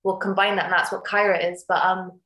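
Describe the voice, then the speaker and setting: A woman's voice: lowish voice, little pitch movement, fairly quick, a bit bright. A young woman actress chatting casually in an interview, rambling with restarts and fillers over a video call. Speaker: actress interviewed about her series. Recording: echoey room.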